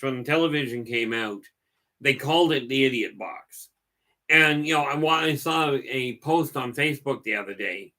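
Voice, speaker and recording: A middle-aged man talks to his livestream viewers in a loose, folksy, storytelling way. His voice has a bright, forward edge, and he often repeats a word or two before finishing his thought. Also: medium pitch. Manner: folksy, digressive, repeats words while talking. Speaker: livestream host. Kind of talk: rambling casual storytelling.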